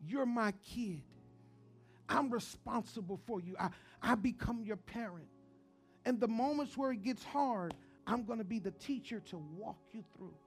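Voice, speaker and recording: A man preaching a sermon as pastor, moving between joking storytelling and quiet, earnest preaching. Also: very high voice, normal speed, soft background music.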